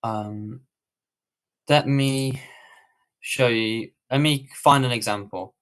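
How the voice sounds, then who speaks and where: A man's voice: medium pitch, takes it slowly, a bit bright. Rambling British man coaching on a livestream. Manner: casual, rambling, many fillers and restarts. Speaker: online coach. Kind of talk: livestream Q&A tutorial.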